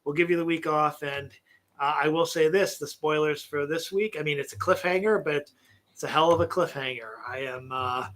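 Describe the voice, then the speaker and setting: A man's voice: on the high side, normal speed, a bit bright. A man hosting a podcast in casual, crude banter who laughs constantly through his stories. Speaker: podcast host.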